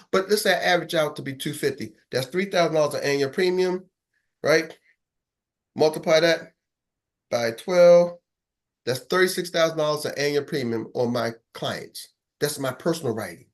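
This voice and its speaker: A man coaching in a motivational talk, streetwise and emphatic, repeating phrases for rhythm. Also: on the high side. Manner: acts out phone calls. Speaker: business coach.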